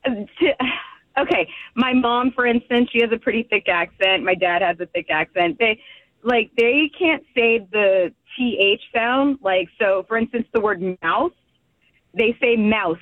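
A woman's voice: fairly high pitch, measured pace, no room sound. Woman on a tinny phone line. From Egypt. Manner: hesitant, filler-heavy, giggly. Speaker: guest. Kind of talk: casual radio chat.

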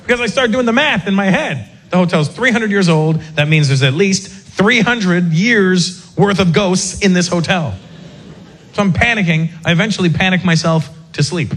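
A man from North America doing stand-up comedy, telling a story in an animated, self-mocking way. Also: high voice, normal speed, breathy edge.

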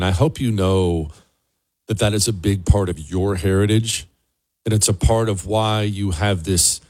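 A man's voice: fairly low pitch, a little mellow. A man hosting a show, giving casual commentary in an earnest, emphatic way, often repeating words for stress. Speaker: show host.

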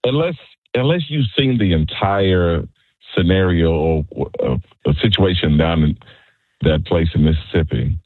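Male radio caller, very low husky voice, dry tinny phone sound, halting stop-start delivery. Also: lively intonation, dry recording. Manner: halting, repeats words while making his points. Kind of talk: call-in radio opinion.

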